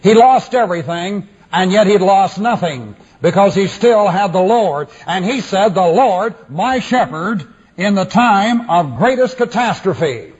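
A male preacher giving a sermon in a measured, emphatic way, repeating refrains for weight, on a dull lo-fi recording. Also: high voice, lively intonation, darkish tone, slightly rough.

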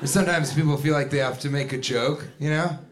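Male stand-up comic, higher voice, animated and shouty, live club recording with audience noise. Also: quick pace, a crowd in the background. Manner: animated storytelling, bursts into shouted bits. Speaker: stand-up comedian. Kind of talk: stand-up comedy set. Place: comedy club stage. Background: audience laughter.

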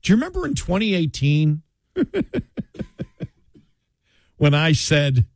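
A man's voice: a little high, huge pitch swings, slow pace, pauses often, darkish tone, no echo. A middle-aged man co-hosting a talk radio show, rambling with many fillers and restarts. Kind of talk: casual talk radio banter. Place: radio studio.

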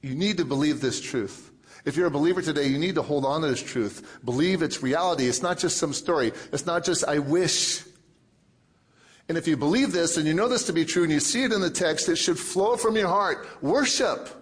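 A pastor delivers a sermon to his congregation in a voice pitched a little above most men's. He leans on repetition and swings from forceful declarations down to hushed, low phrases. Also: fairly quick. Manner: emphatic preaching with repetition and big swings in volume.

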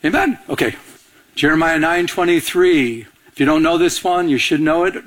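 A male pastor with a high, bright-edged voice delivers a lively sermon in a church. He keeps the congregation involved, pausing so they can call out the missing word. His delivery swings between playful and earnest. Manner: animated, asks the congregation to fill in words. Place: church before a live congregation.

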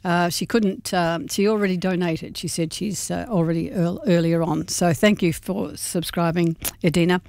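A woman's voice: fairly low pitch, fairly even intonation, normal speed, creaky, few pauses, no room sound. Woman, radio co-host, chatty, rambling, dry studio sound. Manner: chatty and warm, rambling a little. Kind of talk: casual radio chat and gig guide.

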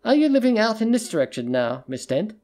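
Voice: medium pitch, sing-song, fairly quick, dark tone, voice pushed up, close to an everyday voice. A reader doing a stiff, uneasy office man.

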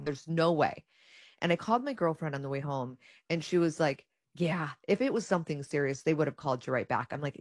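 A woman telling a personal story in a casual interview. She talks in an animated way and acts out the lines of people she quotes. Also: low-pitched, dry recording, studio quality. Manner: animated, acts out her own and others' quoted words. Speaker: guest sharing her cancer story.

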